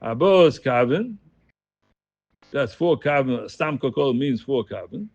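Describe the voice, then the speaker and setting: Talmud teacher, male, gravelly voice, sing-song chanting of the text, dry close sound. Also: mid-range voice, moderate pace, no echo, dull audio. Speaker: Talmud study group leader.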